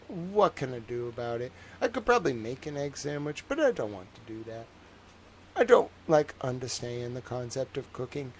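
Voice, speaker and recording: A man's voice: mid-range voice, slight background noise. A young man with a Boston accent chatting casually on his livestream, rambling and joking, with lots of filler words. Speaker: livestream host.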